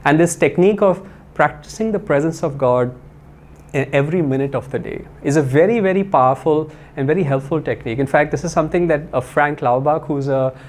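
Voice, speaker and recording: A man's voice: on the high side, brisk, a little mellow. A man giving a spiritual talk, telling stories in a conversational way with many fillers and restarts.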